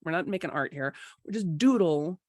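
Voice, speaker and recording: A woman coach hosting a live online workshop, her voice a little rough from a cold, chatting casually and slowing down to guide breathing. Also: on the low side, expressive, darkish tone, no echo, clean studio sound.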